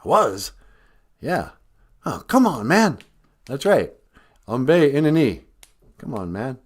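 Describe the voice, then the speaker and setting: A man's voice: medium pitch, big pitch swings, slow pace, pitched above the performer's own voice. A man putting on an impression of a drowsy old male president who mumbles and keeps repeating the same catchphrase.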